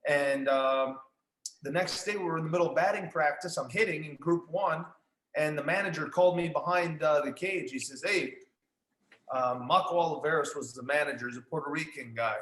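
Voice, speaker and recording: Man with a slightly high voice in an echoey room. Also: a little fast, fairly bright tone. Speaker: former pro catcher guest. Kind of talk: casual storytelling. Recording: roomy echo.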